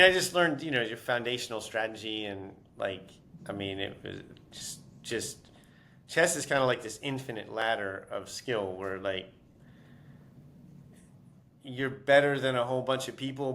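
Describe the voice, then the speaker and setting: A man's voice: mid-range voice, moderate pace, gravelly, pushed and bright. A man being interviewed as an author, telling stories casually with many fillers and restarts.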